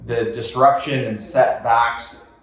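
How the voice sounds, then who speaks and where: A male co-host chatting casually and haltingly, with many "like" fillers. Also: medium pitch, steady tone, fairly bright tone, recorded from a distance. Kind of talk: casual podcast chat. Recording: echoey room.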